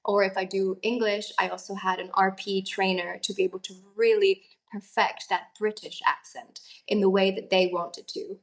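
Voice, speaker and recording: Young italian-born actress chatting loosely, ums and likes everywhere. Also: female voice, mid-range voice, little pitch movement, moderate pace, hardly any pauses. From Italy. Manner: chatty, many fillers and laughs. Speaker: actress, guest. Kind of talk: casual interview talk.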